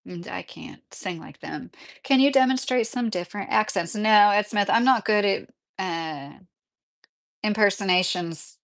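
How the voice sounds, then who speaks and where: A woman in her thirties with a slight Midwestern accent, chatting casually on a livestream and answering viewer questions. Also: medium pitch. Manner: chatty, rambling, laughs often.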